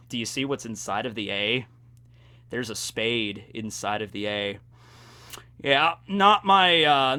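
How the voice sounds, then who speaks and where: A man hosting a casual anime commentary video, animated and jokey, with plenty of fillers. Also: a little high. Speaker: YouTube host.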